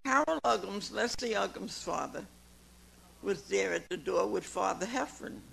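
The speaker is a woman in her nineties at a recovery meeting, addressing an audience in a meeting room with a homespun personal testimony. Her mid-range voice is animated, creaky and a bit bright with a breathy edge, and a little slow. She often laughs and calls listeners "honey," on a rough recording.

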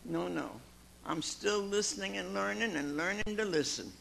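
A woman's voice: medium pitch, moderate pace, gravelly, a bit bright, slight background noise, low-quality recording. A woman in her nineties giving a folksy personal testimony to a meeting audience, calling listeners honey and laughing often. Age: 90s. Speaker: recovery meeting speaker. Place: meeting room before an audience.

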